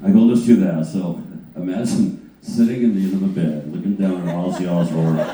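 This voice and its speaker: A man spins an animated, profane anecdote, stumbling through restarts as he goes. His voice is low and mellow. He is heard from a distant mic in a very echoey room. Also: brisk, slight background noise. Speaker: guitarist panel guest. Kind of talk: anecdote storytelling. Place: panel on a cruise ship.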